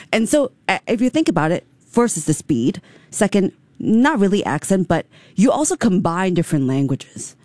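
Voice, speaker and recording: A woman co-hosting a radio talk show, her voice fairly low and mellow. She speaks conversationally, easing into personal stories, and sits close to the mic in a dry studio. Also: sing-song, moderate pace, no echo. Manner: conversational, tells anecdotes. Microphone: studio microphone.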